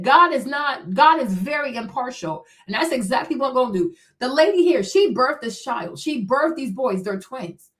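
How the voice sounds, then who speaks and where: Woman, high voice, livestream host, heated commentary, blunt, swears a lot. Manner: blunt, profane, talks back to chat.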